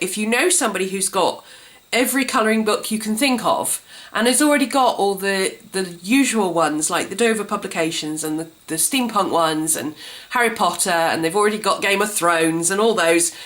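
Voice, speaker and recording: A woman vlogging a gift guide in a chatty, enthusiastic way, her voice congested and a little gruff from a cold. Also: medium pitch, fairly bright tone. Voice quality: slightly gruff. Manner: chatty, enthusiastic, self-described colouring book nerd. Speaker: craft vlogger. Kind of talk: casual gift guide chat.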